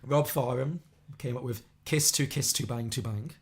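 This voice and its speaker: A man hosting a casual podcast, chatty and quick, reading out listener suggestions with a laugh here and there. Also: medium pitch. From Liverpool area of England. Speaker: podcast host.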